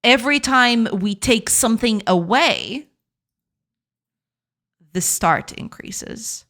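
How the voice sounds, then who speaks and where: Woman dev streamer through a voice changer, slow unhurried talk, giggles, lively up-and-down delivery while coding live. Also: fairly high pitch. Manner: thinks aloud, giggly, explains step by step. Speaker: game developer streaming live.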